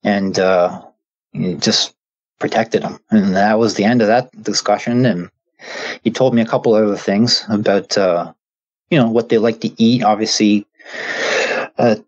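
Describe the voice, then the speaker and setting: A man casually retelling a story he heard from someone else, speaking in a halting way with many fillers and restarts. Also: lowish voice, steady tone, darkish tone. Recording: dull lo-fi audio.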